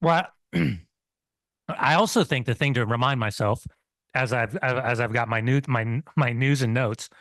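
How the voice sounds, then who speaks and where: A man's voice: medium pitch, a little slow, fairly bright tone, no echo. A man co-hosting a football podcast, making earnest points about the team while his mouth burns from hot sauce. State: mouth burning, sweating. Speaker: podcast co-host. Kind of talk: casual football chat.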